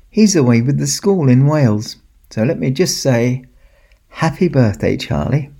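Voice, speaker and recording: A man's voice: mid-range voice, vocal fry, breathy edge. A man, speaking as Santa and chuckling as he tells a children's story. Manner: chuckling, warm storybook telling to kids.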